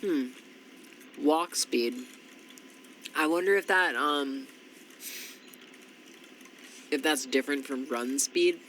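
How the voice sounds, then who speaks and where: Congested, tired man, bright tone, slow ambling gameplay commentary full of ums. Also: fairly high pitch, a little hiss or hum, low-quality recording. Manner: unhurried, thinking aloud with frequent ums. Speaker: strategy game commentator.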